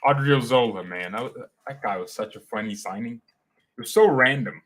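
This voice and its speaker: A young man hosting a casual fan livestream, talking in an animated, slangy, excitable way. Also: medium pitch, moderate pace. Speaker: fan channel host.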